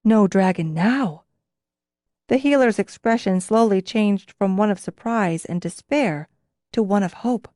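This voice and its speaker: A woman narrating a fantasy audiobook in a measured storytelling voice. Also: mid-range voice, mellow, no echo, clean studio sound.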